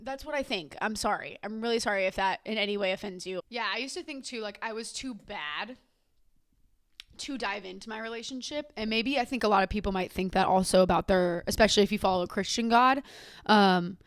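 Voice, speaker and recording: A woman's voice: mid-range voice, brisk, no room sound, clean studio sound. A young woman hosting a podcast, talking candidly and casually, swearing freely and restarting her sentences often. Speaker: podcast host. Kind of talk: casual personal talk.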